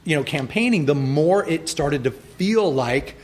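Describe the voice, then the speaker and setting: A man's voice: a little high, animated, a little slow, darkish tone. A man guesting on a podcast, telling stories in casual chat, acting out quotes and laughing as he talks. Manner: storytelling, laughing asides, acts out quotes.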